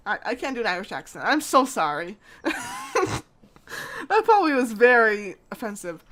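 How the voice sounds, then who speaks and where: A young woman giving let's-play commentary, chatty and giggly with self-mocking asides. Her voice sits fairly high and swings a lot in pitch as she talks. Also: very animated, normal speed, bright, forceful tone. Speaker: gamer.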